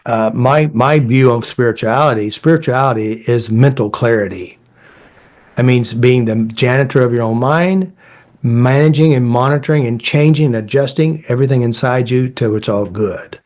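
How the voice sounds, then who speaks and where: Middle-aged guy, therapist type, telling stories all folksy and blunt, acts out what people said, normal mid pitch. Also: normal speed. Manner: animated, acts out quoted dialogue in shifting voices; blunt, folksy phrasing with fillers. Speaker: therapist and creator of a healing method. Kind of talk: casual storytelling in conversation.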